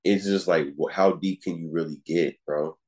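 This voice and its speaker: A man's voice: sits low, steady tone, moderate pace, a little mellow, husky. A man co-hosting a podcast in casual chat, rambling and repeating fillers like "it's just like" and "you feel me". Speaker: podcast co-host.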